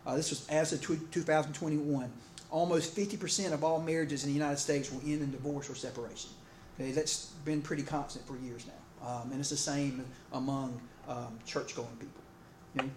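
A male preacher with a fairly high voice, talking to his congregation in a loose, rambling style full of fillers and restarts. He sounds like he is speaking in a church hall. The room adds a lot of echo, with a faint ambient hum underneath. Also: steady tone, brisk, darkish tone. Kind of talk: sermon with humorous stories.

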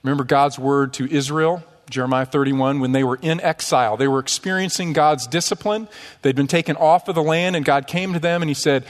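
Lively male pastor in a reverberant church. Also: on the high side, fairly quick. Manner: lively, conversational preaching with humor. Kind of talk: sermon. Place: church sanctuary.

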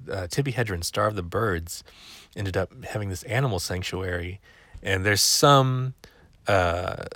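A man's voice: on the low side, no echo. A man hosting a podcast, rambling in a chatty, wry way. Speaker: podcast host. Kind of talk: casual chat.

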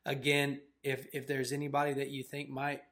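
A man co-hosting a faith channel, telling a story in a casual, animated way with lots of "like" fillers. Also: medium pitch, moderate pace. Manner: animated, filler-heavy retelling with "like".

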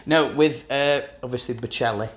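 A man hosts a relaxed chat about football and teases his co-host in a dry way. His voice sits at an ordinary middle pitch. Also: moderate pace. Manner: dry teasing banter. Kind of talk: casual chat.

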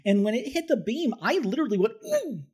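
A man with a high voice talks films in a casual podcast. He is earnest and analytical, restarting phrases as he builds a point. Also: expressive, fast talker, crowd noise. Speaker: podcast film reviewer. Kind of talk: casual chat.

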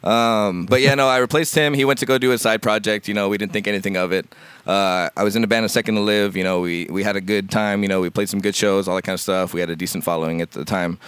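Male guest, casual rambling talker, lowish resonant voice, dry close sound. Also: fairly even intonation, fast, hardly any pauses, fairly bright tone, clean tone, dry recording. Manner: rambling, filler-heavy, swears casually. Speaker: guest musician. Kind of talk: casual podcast chat.

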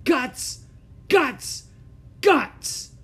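A man reading aloud and voicing Ramona, an angry, defiant little schoolgirl who shouts and stamps her foot. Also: on the high side, animated, a little slow, breathy edge, voice pushed up, heavily acted. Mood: furious.

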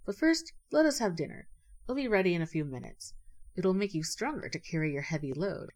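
A woman's voice: lowish voice, expressive, fairly quick, lightly acted. A woman voicing a sly, scheming male rabbit who plays the polite host in a storybook reading. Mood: courteous. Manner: courteous and sly.

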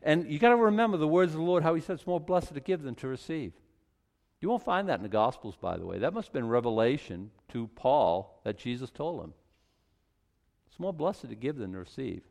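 Folksy, animated man preaching a sermon. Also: a little high, a little fast, vocal fry. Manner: conversational preaching, folksy asides, repeats words. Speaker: pastor.

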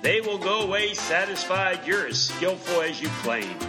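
A folksy pitchman, as a man puts him on, sells a gadget in a spoof radio ad. He has a smooth, reassuring patter in a slightly high voice, and loud salsa music plays underneath. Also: animated, normal speed. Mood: salesy. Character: folksy male tool-company pitchman. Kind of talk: mock radio commercial.

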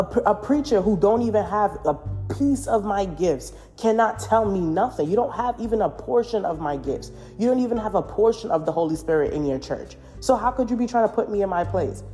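A woman's voice: fairly low pitch, warm tone. Emphatic woman preaching on her podcast. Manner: emphatic, rambling, preachy with restarts. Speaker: podcast host. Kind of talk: spiritual podcast monologue. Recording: long hall reverb with faint music.

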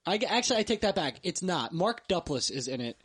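A man's voice: sits high, big pitch swings, fast talker, fairly bright tone, husky. A man in a casual podcast chat, bantering and sharing movie trivia.

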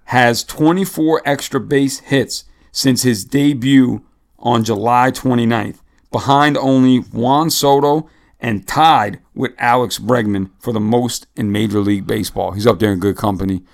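A man's voice: medium pitch, a little slow, vocal fry. A man co-hosting a sports podcast, chatting casually and reading off stats with their sources. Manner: relaxed, rattles off stats and cites sources. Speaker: podcast co-host.

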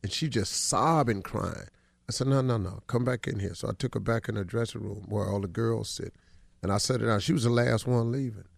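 A middle-aged man hosting a radio show, telling a story in a relaxed, colloquial way during casual morning chat. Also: on the low side, brisk, vocal fry, no echo.

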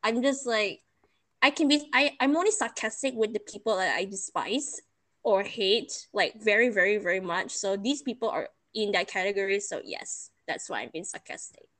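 A woman's voice: mid-range voice, normal speed, a bit bright. A young woman from Malaysia, chatting casually and telling stories with laughter and sarcastic asides. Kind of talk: casual chat.

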